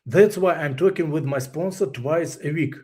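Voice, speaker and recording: Russian-accented man, non-native English speaker, candid interview guest, halting delivery with frequent laughs. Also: on the high side, darkish tone. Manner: halting, searches for English words, laughs often. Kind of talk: candid personal story.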